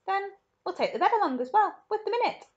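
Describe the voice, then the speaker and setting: A woman voicing an eccentric, excitable grown man who runs a chocolate factory, speaking in a grand, reassuring way. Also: high voice, brisk, muffled recording, voice pushed up. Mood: breezy.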